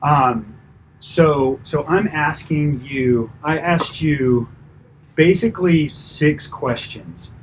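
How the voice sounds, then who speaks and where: A man working as a personal trainer, giving a chatty, animated debrief after a client session, full of fillers and asides. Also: a little high, slow, a little hiss or hum, low-quality recording. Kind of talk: casual coaching debrief.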